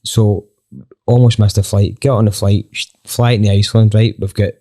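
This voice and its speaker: A Scottish man, a band member on a podcast, telling a lively anecdote with plenty of swearing and acted-out dialogue. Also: on the low side, moderate pace. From Scotland. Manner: animated, swears freely, acts out quoted dialogue. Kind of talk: casual storytelling anecdote.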